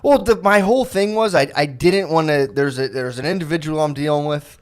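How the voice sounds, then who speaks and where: A man co-hosting a comedy podcast in casual chat, rambling and restarting often, mock-earnest and jokingly self-pitying. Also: a little high. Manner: rambling, halting, with many restarts and fillers. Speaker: podcast co-host.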